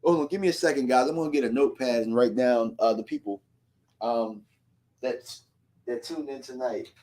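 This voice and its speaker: A man's voice: medium pitch, normal speed, darkish tone. A man hosting a fan livestream, ranting heatedly in slangy casual talk and reading out viewer comments.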